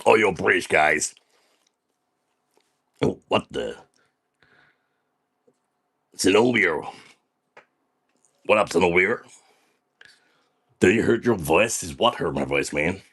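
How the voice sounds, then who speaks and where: A man uses a low, expressive, slightly rough and somewhat bright voice, speaking slowly with long pauses, in a full character voice as a brash, foul-mouthed party dude. Hosting a comedic livestream and reading chat, he swaggers and ends nearly every sentence with "man."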